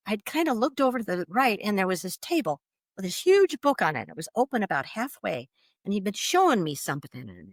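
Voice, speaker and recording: A woman guest vividly retelling a personal experience, animated, with restarts and laughs. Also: lowish voice, a little fast, no echo, studio quality. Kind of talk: personal storytelling.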